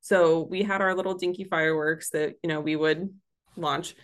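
Lower-voiced woman telling a story. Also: steady tone, moderate pace. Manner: chatty, many fillers, laughs. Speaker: history center staff guest. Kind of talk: casual storytelling.

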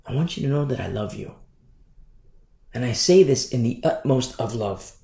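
A man's voice: lively intonation, moderate pace, vocal fry, mellow. Guy preaching a sermon, voice swoops up and down a lot, repeats himself, echoey room. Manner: repetitive, impassioned, sweeping pitch swings.

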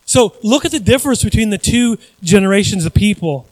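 A man preaching as a pastor, his voice sitting high and full of animation. He jumps from loud, stressed lines to hushed asides and acts out the voices of the people he quotes. The sound is close and dry, with no room around it. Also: fairly quick, no room sound, low-quality recording. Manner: animated, shifting between loud emphasis and quiet asides. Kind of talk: sermon.

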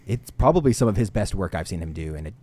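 A man's voice: low-pitched, animated, quick pace, warm tone. A young man co-hosting a podcast, talking through a film review in a rambling, enthusiastic way. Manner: rambling and enthusiastic, many restarts. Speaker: podcast co-host. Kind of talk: casual film review chat.

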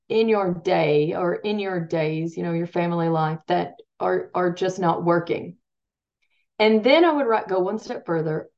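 Woman guest, casual coach voice, chatty and self-interrupting, slightly dull lo-fi audio. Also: medium pitch. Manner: rambling, self-interrupting, laughs at herself. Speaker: parenting coach and podcast guest. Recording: dull lo-fi sound.

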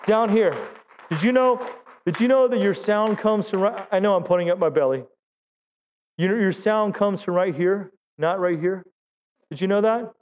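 A middle-aged man leads a Pentecostal sermon in a church, pitching his voice high as he urges the congregation to answer him. He breaks up the exhortation with jokes at his own expense. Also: moderate pace, a little mellow. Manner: exhorting, calls for audience response; self-deprecating humor. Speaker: pastor. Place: church sanctuary.

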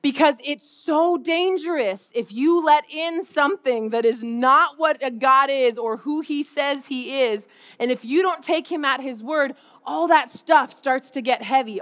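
A woman pastor delivering a casual, conversational sermon with a high-pitched voice. She talks in a lively way, laughing often and slipping into acted-out quotes. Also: unhurried. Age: adult parent.

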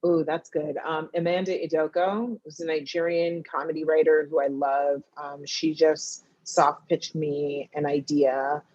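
A woman's voice: low voice, fairly even intonation, unhurried, few pauses, darkish tone, slightly rough, dry recording, highs cut off. A woman television writer and producer chatting as a guest in an interview, telling stories animatedly and acting out what her friends say. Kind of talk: casual interview chat.

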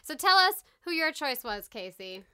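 A woman's voice: high-pitched, sing-song, moderate pace. A woman co-hosting a casual podcast, reading notes aloud with chatty asides and laughs. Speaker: podcast co-host. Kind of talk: casual chat.

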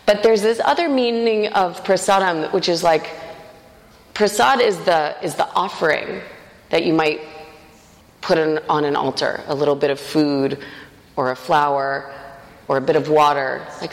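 Woman yoga teacher, low voice, calm class guidance, counts breaths, long reverb in the studio. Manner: relaxed, many "like" fillers, counts breaths aloud. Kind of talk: guiding a live yoga class.

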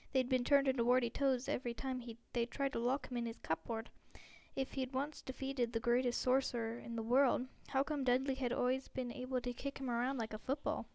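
A woman reading a fantasy novel aloud as an audiobook narrator, with steady, expressive storytelling. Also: sits high, creaky, no echo. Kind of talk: scripted narration.

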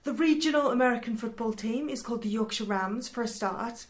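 A woman co-hosting a casual podcast chat, chatty and quick to laugh. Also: fairly high pitch. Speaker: podcast co-host. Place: lived in Yorkshire.

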